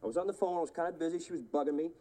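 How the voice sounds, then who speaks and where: An actor playing an exasperated, hot-tempered young uncle in a sitcom, grumbling and scolding himself. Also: male voice, on the high side, very fast, natural voice. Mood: sheepish. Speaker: sitcom character. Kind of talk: multi-camera sitcom acting. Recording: sitcom clip with loud audience laughter.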